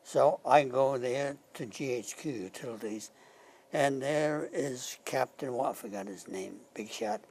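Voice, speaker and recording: A man in his nineties, a war veteran, telling stories from his past in an interview and sometimes dropping to a hush. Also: mid-range voice, expressive, vocal fry. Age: 90s. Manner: slow anecdotal storytelling, dropping to a hush at key moments. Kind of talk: reminiscing in an interview.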